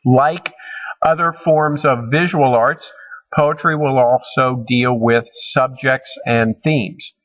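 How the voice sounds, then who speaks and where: A man teaching a recorded college humanities lecture, measured and halting, with frequent ums and restarts. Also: medium pitch, muffled recording.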